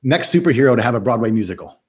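A man hosting a casual podcast interview, upbeat and quick to laugh. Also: mid-range voice, very animated, a little mellow, slightly rough. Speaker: podcast host.

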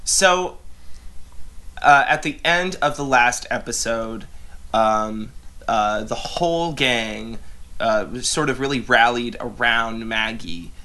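Bright-voiced rambling man podcaster. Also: mid-range voice, takes it slowly. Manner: rambling, profane, full of fillers. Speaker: podcast co-host. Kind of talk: casual comedic chat.

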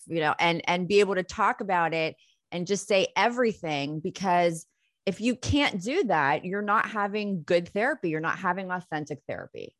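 A woman in her forties speaks frankly as a therapist guest, unfiltered and easygoing. Her voice is lowish for a woman. The recording is dry and close. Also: animated, normal speed, fairly bright tone, no room sound. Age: 40s. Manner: frank, unfiltered, swears freely. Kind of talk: casual interview.

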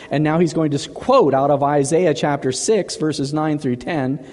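A man preaching a sermon as the pastor, chatty and animated, often repeating words as he gathers his thoughts. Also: fairly high pitch, unhurried, in a large hall.

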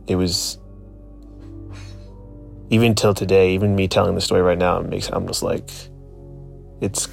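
Low gravelly man telling a story. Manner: reflective, searching for words. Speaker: guest storyteller. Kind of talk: casual spoken storytelling.

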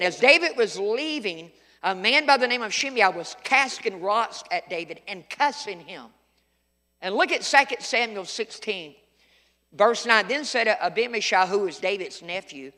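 A man's voice: high voice, bright, forceful tone, long reverb tail. A middle-aged male pastor preaching a sermon, telling folksy stories with sudden emphatic outbursts.

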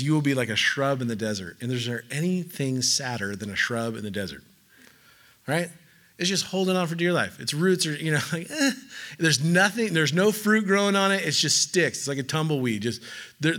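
Animated man giving a casual sermon. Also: on the high side. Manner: conversational, animated, with filler words and playful asides. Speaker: pastor.

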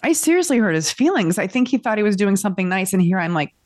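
A woman's voice: medium pitch, big pitch swings, quick pace, a little mellow, no echo. A woman co-hosting a casual book club chat, sharing candid personal stories. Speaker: podcast co-host.

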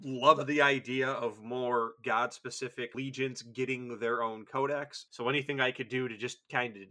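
A man's voice: mid-range voice, fairly even intonation, moderate pace, sharp tone. A man co-hosting a podcast in casual chat, rambling, profane and enthusiastic. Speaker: podcast co-host.

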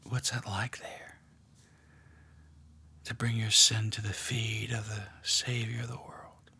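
Guy whispering through a guided prayer, super slow, breathy husky voice. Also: on the low side, flat delivery. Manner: slow, hushed, often whispering. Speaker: prayer leader.

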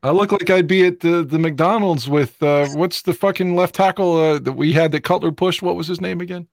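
A man's voice: a little high, fairly even intonation, fairly quick. A man in casual chat, crude and wisecracking.

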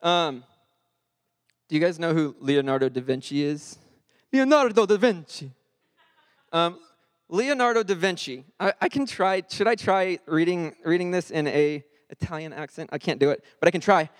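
A man's voice: a little high, moderate pace, big-room sound. A man leading a Bible study in a conversational way, often checking in with his listeners. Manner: conversational, keeps checking in with "right?". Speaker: Bible teacher.

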